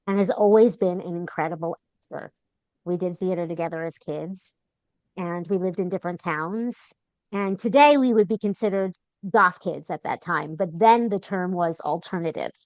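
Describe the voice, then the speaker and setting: A woman in her fifties from Long Island speaks fondly to a lifelong friend, her low voice recorded close and dry. She laughs easily and reels off affectionate memories. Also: dry recording. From Long Island, New York. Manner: fond, laughing, list-like tributes. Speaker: interviewer. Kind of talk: warm, affectionate conversational interview.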